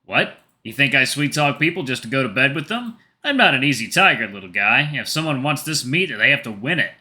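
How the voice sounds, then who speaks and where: Visual novel role: a man doing a teasing, flirty big tiger, sharp bright tone, lively playful lines. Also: mid-range voice, brisk. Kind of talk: visual novel read aloud.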